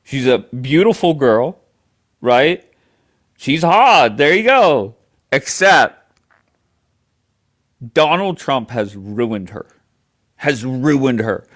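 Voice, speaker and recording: A man's voice: mid-range voice, very animated, drawn-out words, long pauses. A man hosting a livestream, arguing heatedly, swearing a lot and talking over his guest. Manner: profane, combative, talks over others. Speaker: livestream host.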